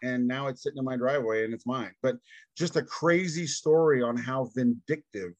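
A man with a medium-pitched voice and moderate pace tells a long personal story as a guest on a podcast, in a casual storytelling interview. He acts out the voices of the people involved and laughs often. There's no echo.

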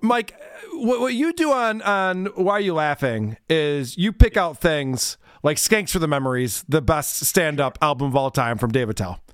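A man's voice: on the high side, animated, normal speed, fairly bright tone, clear, resonant tone, dry recording. A man co-hosting a casual comedy podcast, talking in a sarcastic, mocking way and laughing often. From Germany. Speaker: podcast co-host.

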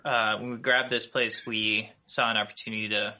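Minnesotan man, very bright tense tone, halting casual talk, lots of restarts and fillers, video call from a home studio. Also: fairly low pitch, little pitch movement. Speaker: podcast guest, YouTuber. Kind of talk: casual chat. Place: home studio with pine walls.

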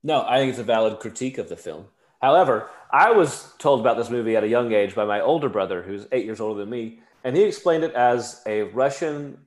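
Enthusiastic young man, echoey room. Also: mid-range voice. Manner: enthusiastic, storytelling. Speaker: podcast co-host. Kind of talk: casual chat.

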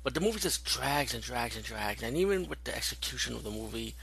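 A man's voice: medium pitch, expressive, fast, vocal fry, a bit bright, slightly rough, low-quality recording. A young man giving a loose, rambling spoken movie review, full of fillers and swearing.

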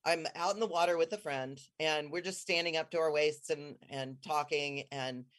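Excitable rambling storyteller, mid-pitched voice. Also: normal speed. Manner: excitable, bursts into high squeals when quoting herself; rambling, many restarts and trailing phrases. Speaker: guest telling a personal story. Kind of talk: casual conversational storytelling.

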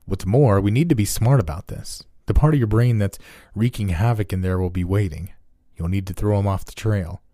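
A man's voice: on the low side, brisk, few pauses, dry recording, clean studio sound, close to an everyday voice. A man voicing a cold, secretive doctor. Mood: clinical. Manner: calm, clinical, manipulative. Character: cold, secretive male doctor running experiments.

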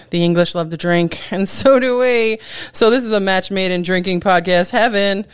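A man's voice: sits high, normal speed, few pauses, clear, resonant tone, no room sound. A man co-hosting a casual theme park podcast, joking around and chatting loosely. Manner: jokey, tries silly put-on English accents. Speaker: podcast co-host.

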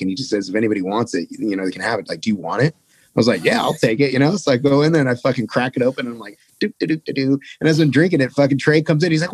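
A man's voice: mid-range voice, breathy edge, no echo. A young man casually telling a rambling, profane touring story as a podcast guest.

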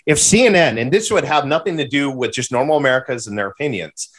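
A man in casual podcast conversation, ranting with profanity and animated exclamations. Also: medium pitch, quick pace. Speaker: podcast guest.

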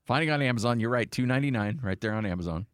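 A male radio host in easy, joking banter with his co-host, his voice sitting at an ordinary middle pitch. He is close on a studio mic with a dry sound and no room around it. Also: animated, very fast, no room sound. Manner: joking, reads sponsor plugs.

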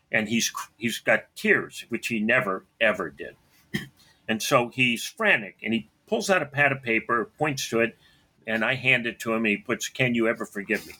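A man tells a personal story in an earnest, steady way. His voice sits at a middle pitch with a bright, forceful edge. He clears his throat often between phrases. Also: unhurried. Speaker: son telling a personal story.

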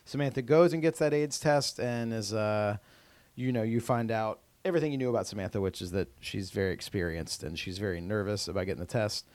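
Recapping a TV episode, another male podcast co-host talks a little fast in a fairly low, slightly mellow voice on a dry recording. His chat is casual and rambling, packed with "um," "uh," and restarts.

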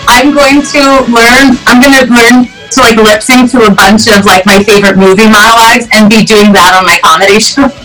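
A woman's voice: fairly high pitch, fairly even intonation, fairly quick, a bit bright, faint music behind, low-quality recording. A woman comedian chatting easily as a podcast guest, trailing off now and then, with trouble using her voice. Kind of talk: casual chat.

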